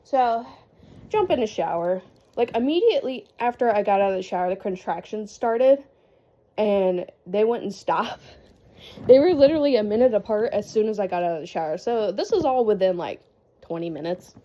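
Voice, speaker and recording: A woman's voice: medium pitch, expressive, normal speed, mellow. A young woman casually telling a story in a rambling vlog style, with lots of fillers and laughs. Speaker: vlogger.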